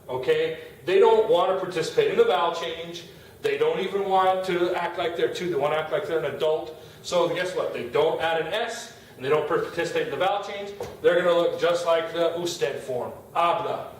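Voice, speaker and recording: A middle-aged man teaching Spanish grammar in a classroom, talking casually as he writes on the board. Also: on the high side. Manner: casual, talks while writing on a board. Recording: echoey room, far from the mic, faint noise.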